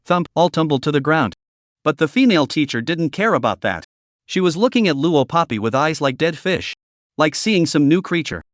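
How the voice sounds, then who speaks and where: A man narrating a story recap in a steady reading voice with stiff, literal phrasing. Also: a little high, no room sound, clean studio sound.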